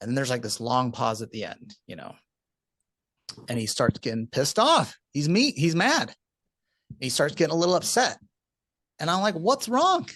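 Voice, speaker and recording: A man with a middle-pitched voice tells a story in an animated, conversational way. His emphasis climbs as the story builds. The recording is dry and close, with almost no room sound. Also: normal speed, pauses often, no echo. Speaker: podcast guest, retirement account specialist.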